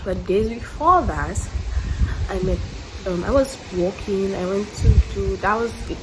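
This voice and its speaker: A woman's voice: mid-range voice, animated, unhurried. A young woman vlogger telling a story in casual chat, blunt and profane with lots of slang fillers. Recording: noisy home recording.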